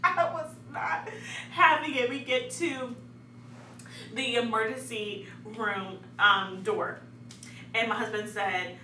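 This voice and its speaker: A young woman telling a story in a casual, animated way, laughing often and dramatizing events. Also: a little high, a little slow. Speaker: vlogger. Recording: echoey room, distant mic, faint hum.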